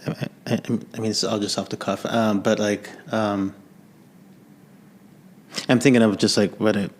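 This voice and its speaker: A man speaking off the cuff as a podcast guest, halting with many restarts. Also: lowish voice, little pitch movement, darkish tone. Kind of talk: off-the-cuff conversation.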